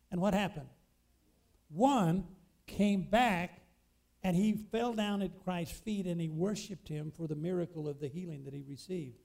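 A man's voice: high-pitched, dark tone. A man preaching a sermon, emphatic and fond of asking his congregation questions.

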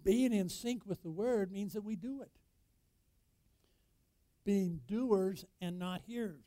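A high-pitched man preaching a sermon in a dry, close sound with no room echo. He puts questions to the congregation and swells into loud, emphatic peaks before dropping to low, quiet lines. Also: a little slow, long pauses. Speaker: pastor.

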